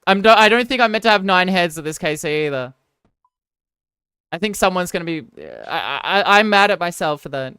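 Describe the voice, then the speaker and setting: Casting: Australian woman streamer, rambling and self-mocking, smooth voice, dry close sound. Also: fairly low pitch, lively intonation, brisk, a bit bright, no room sound. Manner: rambling, self-mocking, answers viewers' chat between game moments. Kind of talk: casual live-stream chat.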